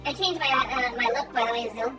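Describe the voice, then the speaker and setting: Game music plays behind a young woman who is streaming a game and chatting playfully. She speaks briskly in a high-pitched, sharp-toned voice, thinking aloud in casual gameplay commentary.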